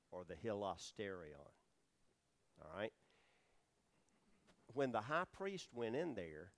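A man teaching a Bible study sermon, explaining words and asking his listeners questions as he goes. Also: on the low side. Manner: explanatory, asks the audience questions, many fillers. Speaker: preacher teaching scripture.

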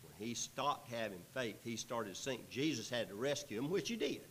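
A man's voice: mid-range voice, big pitch swings, normal speed, low-quality recording. Man, mid-range voice, teaching scripture verse by verse; reads the text, then riffs with dry humor. Light hiss on the track. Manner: reads scripture aloud, then breaks in with folksy, joking asides. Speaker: Bible teacher.

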